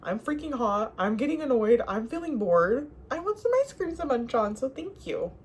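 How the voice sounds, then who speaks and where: A young woman giving relationship advice in a sassy, animated, casual monologue to the viewer, often laughing. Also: a little high, moderate pace. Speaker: advice vlogger.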